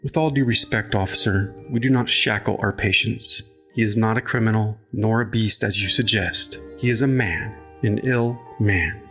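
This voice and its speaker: A man voicing a calm, polite young female nurse who speaks with firm composure in a storybook reading. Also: fairly low pitch, moderate pace, soft background music.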